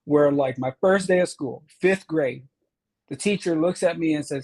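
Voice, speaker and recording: Husky-voiced man telling his story. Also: on the high side, moderate pace, a little mellow, poor audio. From Chicago. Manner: earnest storyteller, acts out quoted teachers. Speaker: state representative guest. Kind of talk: interview conversation.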